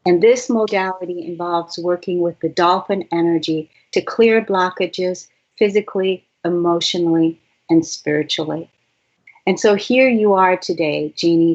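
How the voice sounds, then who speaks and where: A woman's voice: lowish voice, highs cut off. A woman hosting a talk show, reading a glowing introduction and chatting in an emphatic, gushing way. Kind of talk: warm interview introduction.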